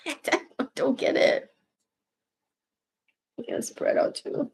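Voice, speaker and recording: A woman in her fifties with a gravelly, rough-edged voice that sits high in pitch. She tells a personal story in a casual, confessional way, swearing freely, stumbling and restarting sentences as she goes. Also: very animated, slow pace. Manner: rambling, profane storytelling full of restarts. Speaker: vlogger.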